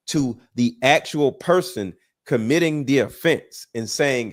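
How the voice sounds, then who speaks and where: A man's voice: mid-range voice, a little slow, few pauses. A man hosting a livestream, lecturing in a blunt, emphatic way with plenty of swearing. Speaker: livestream host. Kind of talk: casual livestream commentary.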